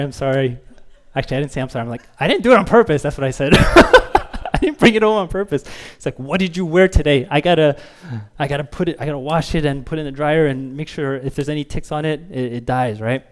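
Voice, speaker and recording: A man in his thirties, a pastor giving a sermon in an easygoing storytelling way, with fillers and chuckles. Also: mid-range voice. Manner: casual storytelling with fillers and laughs.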